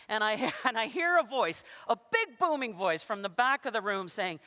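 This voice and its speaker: A woman giving a storytelling keynote in a conference hall, animated and self-deprecating, often laughing between phrases. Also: mid-range voice, fairly quick. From Canada. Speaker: keynote speaker. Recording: long reverb of a big hall.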